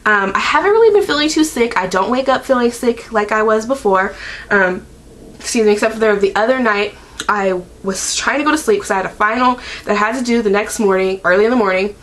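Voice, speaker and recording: A woman's voice: mid-range voice, a bit bright. A woman in her twenties chatting to camera in a rambling vlog from home, full of "like" and "um". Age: 20s. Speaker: vlogger. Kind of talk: casual chat.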